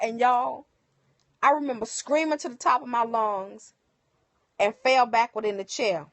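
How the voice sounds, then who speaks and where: A woman telling viewers a personal story in casual, animated speech, acting out the other people's lines. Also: a little high, moderate pace, dry recording. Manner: emotional, animated retelling with quoted dialogue. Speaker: livestream host. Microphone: phone.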